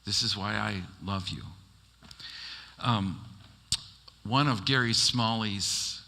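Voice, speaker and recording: A man's voice: fairly low pitch, slow, gravelly, bright, forceful tone. A man pastor preaching a sermon, telling stories animatedly and acting out the people he quotes. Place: church sanctuary. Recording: long church hall reverb.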